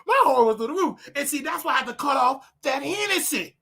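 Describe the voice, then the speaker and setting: A man hosting his own show, ranting and preaching to his audience in a casual, animated way with loud outbursts. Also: extremely high pitch, fairly quick, gravelly. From United States. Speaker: show host. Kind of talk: casual livestream rant.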